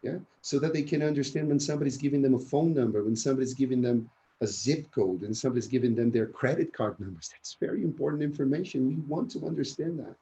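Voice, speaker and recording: A man's voice: mid-range voice, quick pace, few pauses, poor audio. A man training teachers in an online conference talk, speaking energetically and often checking in with "yeah?". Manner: energetic, keeps asking "yeah?". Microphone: video call.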